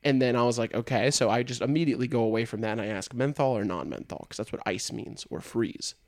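A young man telling a funny story on a casual podcast, animated and often laughing. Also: mid-range voice, fast, no echo, studio quality. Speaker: podcast co-host.

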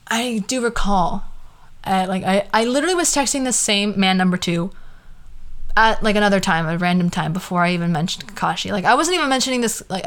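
A young woman talks straight into her podcast in a loose, ranting monologue. She sounds fed up and sarcastic, swears often and keeps breaking off into quick asides. Her voice sits at an ordinary middle pitch for a woman. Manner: exasperated, swearing, animated rant with sarcastic asides. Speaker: podcast host.

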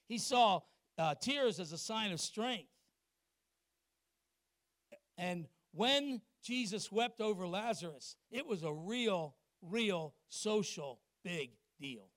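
A middle-aged male pastor preaching a sermon in church, moving between emphatic, loud points and quiet, confiding asides while asking the congregation questions. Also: high voice, dry recording, studio quality. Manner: asks the congregation questions and acts out little exchanges.

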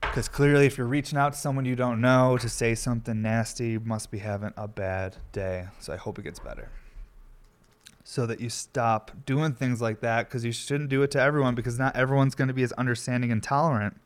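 A young streamer and podcast host, shivering in the cold while smoking at home, talks a little fast in a steady, mid-range voice. His rambling is unfiltered and profane, with plenty of self-deprecation.

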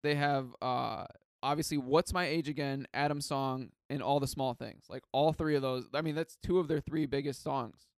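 A man's voice: medium pitch, steady tone, normal speed, smooth, no room sound, studio quality. A man hosting a podcast, chatting casually and eagerly, leaning on "like" as he rambles. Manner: enthusiastic, rambling, says "like" often. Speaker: podcast host. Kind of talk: casual chat.

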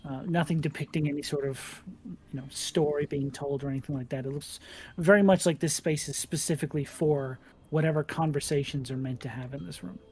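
A man running a tabletop role-playing game as game master, describing scenes in an unhurried, detailed way. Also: fairly high pitch, fairly even intonation, a little mellow.

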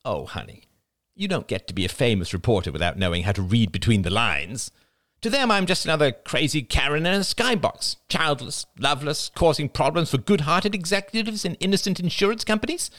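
A man's voice: a little high, lively intonation, fairly quick, a bit bright, dry recording, clean studio sound, pitched above the performer's own voice. A man voicing a proud, ailing middle-aged woman, a former famous reporter, who talks in a brash, snappish, theatrical way. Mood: bitter.

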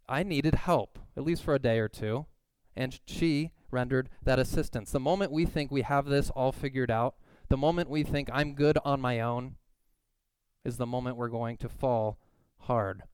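Smooth-voiced male preacher, dry close sound. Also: medium pitch, moderate pace, no echo. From California. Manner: animated storytelling, acts out quoted voices. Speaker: pastor. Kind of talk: sermon with personal story.

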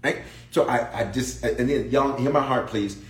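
A man's voice: mid-range voice, normal speed. A man preaching a sermon, emphatic and repetitive, calling out to his congregation. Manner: emphatic, repeats phrases, calls out to the congregation. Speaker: pastor. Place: large church sanctuary. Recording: echoey church sanctuary.

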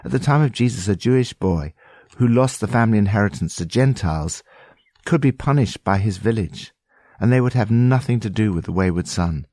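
A man reading scripted devotional commentary in an earnest, steady way with emphatic phrasing. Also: on the low side, a little fast, no room sound, studio quality.

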